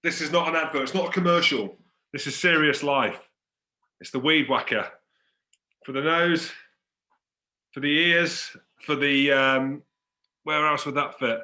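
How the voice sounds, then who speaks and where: Bright-toned teasing Scottish man host. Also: on the high side, unhurried, pauses often, reverberant. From Scotland. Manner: joking, teasing, animated. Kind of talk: casual interview banter.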